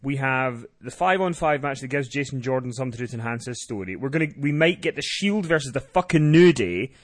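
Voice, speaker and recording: A man with a mid-pitched, everyday voice hosts a wrestling podcast. He recaps events quickly and loosely, with plenty of "um"s and offhand swearing, and keeps the tone conversational. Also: lively intonation. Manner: quick, rambling recap with fillers and casual swearing. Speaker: podcast host.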